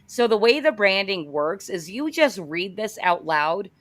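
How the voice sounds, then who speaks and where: A woman's voice: mid-range voice, very animated, a little slow, no echo. A woman with an American accent hosting a live-stream interview, upbeat, chatty and joking. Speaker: host.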